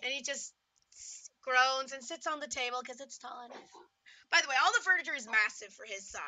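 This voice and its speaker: A woman runs a tabletop game as dungeon master, narrating with playful asides. Her voice is high and bright. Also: brisk, no echo.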